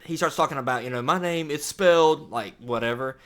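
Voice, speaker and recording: A man co-hosting a podcast in a relaxed chat. He sounds low-key and hesitant, his voice bright and a little tense, and he often trails off. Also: brisk. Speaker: podcast co-host. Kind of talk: casual chat.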